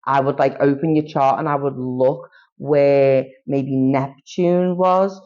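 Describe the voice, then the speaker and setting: A man's voice: medium pitch, fairly even intonation, slow. A man who is a guest on a podcast, chatting casually and rambling with lots of fillers and restarts. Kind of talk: casual chat. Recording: dull lo-fi recording.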